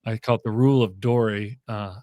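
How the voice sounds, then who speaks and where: Man, podcast guest, conversational, mid-pitched, lots of ums and restarts, dry booth-like sound. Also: moderate pace, no echo. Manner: loose, thinking aloud with many fillers and restarts. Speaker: guest author and professor. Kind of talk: casual interview conversation.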